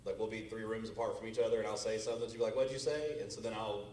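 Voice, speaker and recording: A man's voice: on the low side, completely flat delivery, rapid-fire, darkish tone. Easygoing male storyteller in a church group, heard from a distance with faint background noise. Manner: storytelling, acts out quoted exchanges. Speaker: class member, works at a bank office. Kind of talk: casual group discussion. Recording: echoey room, distant mic.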